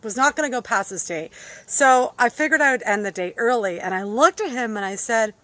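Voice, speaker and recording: A woman's voice: fairly high pitch, animated, a little fast, bright, forceful tone, no echo. A woman voice coach giving a casual video lesson, playfully demonstrating different speaking voices. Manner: demonstrates voice qualities with playful imitations and laughs.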